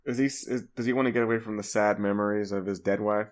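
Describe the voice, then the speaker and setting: A man's voice: lowish voice, steady tone, fast. A man co-hosting a podcast, adding dry, plain comments in casual chat. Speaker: podcast co-host.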